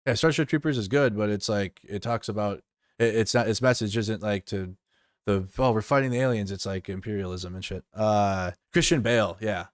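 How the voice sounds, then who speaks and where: A man talks loosely on a live stream, rambling, restarting and swearing as he reacts. His voice sits somewhat low and smooth, with a dry close sound and no room around it. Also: steady tone, normal speed, no room sound. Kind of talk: casual live stream commentary.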